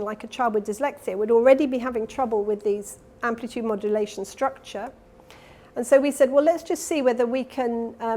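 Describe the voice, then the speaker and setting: A woman lecturing at a conference in a slightly high voice. She explains carefully and patiently, catching and correcting herself mid-phrase. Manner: explanatory, with self-corrections and fillers. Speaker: keynote lecturer. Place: conference hall.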